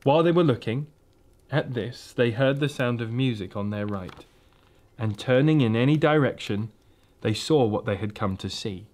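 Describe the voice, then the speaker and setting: A man reading a children's storybook aloud, in a gentle, steady and expressive way. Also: mid-range voice, moderate pace. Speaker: reader.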